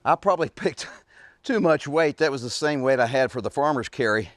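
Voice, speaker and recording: In a backyard, a fitness coach in his forties demonstrates heavy carrying exercises, chatting casually while out of breath and grunting and sighing with effort between sentences. His mid-range voice is animated and brisk, with clean studio sound and no echo.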